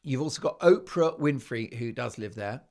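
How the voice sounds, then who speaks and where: A British man hosting a talk show, delivering a sarcastic, emphatic monologue that swings between loud and quiet. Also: medium pitch, animated, moderate pace, vocal fry. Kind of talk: opinionated monologue.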